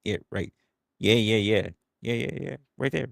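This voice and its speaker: A young man on a livestream, telling a story to his viewers in a casual, profane, animated way and acting out quotes. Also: fairly low pitch, moderate pace, creaky, long pauses, no room sound, studio quality. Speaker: livestream host.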